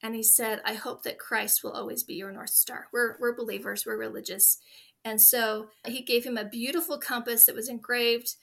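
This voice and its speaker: A woman in her forties talks as an interview guest, sharing stories earnestly and from the heart. Her voice is bright and clear, and it sits a little above the usual pitch for a woman. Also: fairly even intonation, normal speed. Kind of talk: interview conversation.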